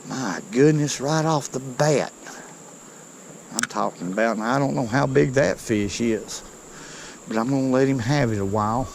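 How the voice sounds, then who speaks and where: A man, giving excited, folksy commentary to viewers while he fishes a creek outdoors. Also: mid-range voice, normal speed, gravelly, a little hiss or hum, rough recording. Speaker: fishing vlogger.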